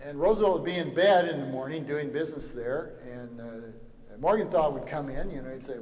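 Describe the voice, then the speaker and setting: A man's voice: a little high, lively intonation, normal speed, a little mellow. Wry man lecturing in a hall. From Louisiana. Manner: wry and joking, with lots of "you know" asides. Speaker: lecturer at a summer seminar. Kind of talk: anecdotal lecture. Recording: echoey hall, faint background noise.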